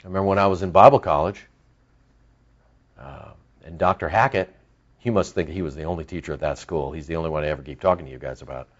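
A man preaching a sermon as pastor, animated, with lively emphasis and asides to his listeners. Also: a bass voice, fast, pauses often, lo-fi sound.

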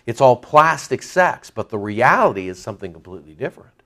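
A man's voice: mid-range voice, sing-song, brisk, a bit bright. A man preaching verse by verse, reading scripture aloud and then explaining it in a casual, conversational way. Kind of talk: verse-by-verse Bible teaching.

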